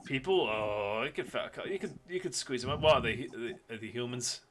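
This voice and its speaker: A man playing a cheeky, gruff caravan owner in a tabletop game, speaking in a plain London-cabbie way with crude jokes. The sound is bright, with a faint hiss and clicks. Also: mid-range voice, lively intonation, brisk, lightly acted. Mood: wry.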